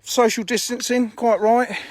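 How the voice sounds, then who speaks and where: A high-voiced man rambling on a live stream from his fishing lakes, slightly out of breath from walking. He talks bluntly and swears casually. The phone sound is close and dry. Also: fairly even intonation, measured pace, no room sound. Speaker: fishery owner streaming live. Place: outdoors at a fishing lake.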